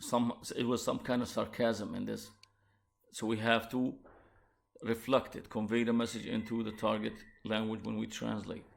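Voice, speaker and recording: Gravelly-voiced male lecturer with an Arabic accent. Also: lowish voice, little pitch movement. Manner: measured, explanatory, with restarts. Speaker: university lecturer. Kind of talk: recorded lecture on translation.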